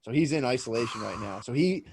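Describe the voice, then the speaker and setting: A man's voice: mid-range voice, lively intonation, quick pace, darkish tone, slightly rough, dry recording. A man co-hosting a podcast over a remote call, telling rambling stories with lots of swearing and restarts. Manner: rambling storyteller, swears a lot, frequent restarts. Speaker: podcast co-host. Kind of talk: casual chat. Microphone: remote call mic.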